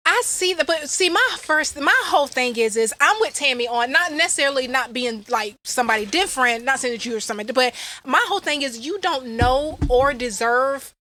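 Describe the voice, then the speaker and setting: A woman co-hosting a podcast outdoors, chatting casually in an animated way, laughing and swearing freely. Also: high voice, fairly quick, hardly any pauses, no room sound. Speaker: podcast co-host. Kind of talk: casual chat.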